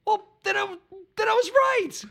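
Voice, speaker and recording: A man co-hosting a comedic podcast, playing a quiz game in casual, joking, excitable chat. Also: very high-pitched, moderate pace, vocal fry. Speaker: podcast co-host, quiz player.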